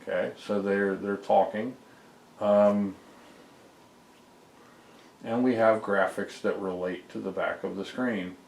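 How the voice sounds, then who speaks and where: A low-pitched man explains his game code in a loose, rambling vlog. He fills the pauses with ums and uhs as he goes step by step. His voice carries an echo from the room around him. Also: fairly even intonation, vocal fry, darkish tone, a little hiss or hum. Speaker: homebrew game developer. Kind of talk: casual screen-recorded dev vlog.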